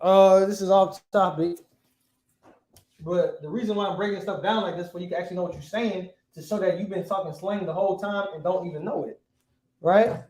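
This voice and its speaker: High-pitched man, casual slangy classroom teaching, quizzes students, echoey room. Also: fairly even intonation, a little fast, darkish tone.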